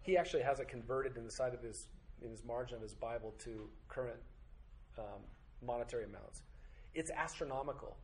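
A man's voice: medium pitch, a little fast, a little mellow. A man teaching a Bible study class, firing off strings of rhetorical questions with occasional joking asides. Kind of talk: teaching to a group.

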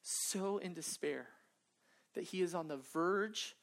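A woman's voice: lowish voice, takes it slowly. A woman preaching a sermon, earnest and emphatic, with humorous asides.

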